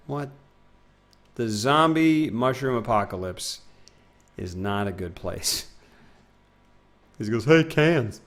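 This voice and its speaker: A man's voice: medium pitch, creaky. A young man streaming a game live, chatting casually with his viewers and rambling, self-mocking, often trailing off into mumbles.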